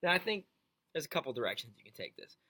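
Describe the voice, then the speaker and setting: A man's voice: fairly high pitch, big pitch swings, quick pace, sharp tone, no room sound. A man co-hosting a radio talk show in casual, amused, wry chat.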